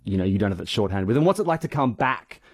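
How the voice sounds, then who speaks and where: A man with a fairly low voice puts long, measured questions to his guest. The sound is dry and close. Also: sing-song, slightly rough, no echo. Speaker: interviewer. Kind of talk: interview questions.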